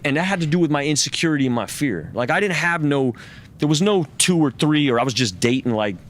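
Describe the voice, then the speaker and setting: A man's voice: on the high side, fast talker. A man in his thirties, a guest in an interview, telling a raw personal story with cursing and acted-out quotes. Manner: raw, profane, animated retelling with acted quotes.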